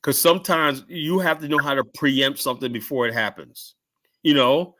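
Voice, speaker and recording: In a medium-pitched voice at a moderate pace, a middle-aged man shares security stories as a guest on a relaxed podcast. His storytelling wanders, his sentences often end in "right?" or "whatnot", and he shouts out the lines he's quoting.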